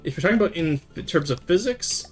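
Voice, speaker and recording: A fast-talking young streamer from Quebec with a voice on the high side chats live with his viewers as soft music plays behind him. Animated and casual, he switches into French and swears and laughs freely while answering them.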